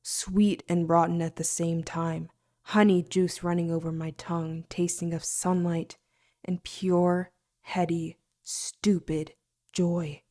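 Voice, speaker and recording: A woman reading a fantasy novel aloud in the first person, expressive, sometimes dropping to a near-whisper. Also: lowish voice, slow pace. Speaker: audiobook narrator.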